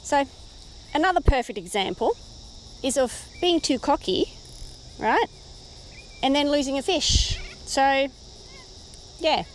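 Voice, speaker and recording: A woman with an Australian accent chatting casually as she fishes, talking to the fish and getting very excited over a catch. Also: high-pitched, takes it slowly, pauses often, slight background noise. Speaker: fishing vlogger. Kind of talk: casual running commentary while fishing. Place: outdoors by the water in the rain.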